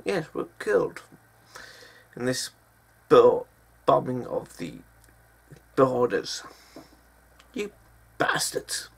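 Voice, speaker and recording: A man's voice: medium pitch, sing-song, drawn-out words, creaky, pauses often, husky. A man giving ranting news commentary in a vlog, swearing often as he goes. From Britain. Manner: profane, angry ranting with frequent swearing.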